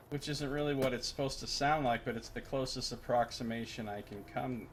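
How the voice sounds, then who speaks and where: A man's voice: mid-range voice, flat delivery, moderate pace, hardly any pauses, a little hiss or hum. A man streaming a game live, chatting casually with his viewers and cracking profane jokes. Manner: profane, joking asides to chat. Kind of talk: casual live-stream commentary while gaming.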